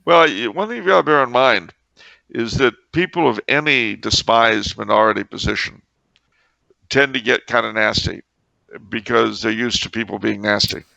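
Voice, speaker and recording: A man's voice: mid-range voice, normal speed, gravelly, pushed and bright, no echo. A man co-hosting a podcast in casual chat, a wry, sarcastic storyteller who bursts into sudden exclamations. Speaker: podcast co-host.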